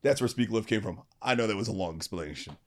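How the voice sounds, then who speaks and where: A man's voice: lowish voice, expressive, fast. A middle-aged man, a motivational speaker, telling a personal story as an interview guest in an earnest way, often checking in with "right?" and "you know".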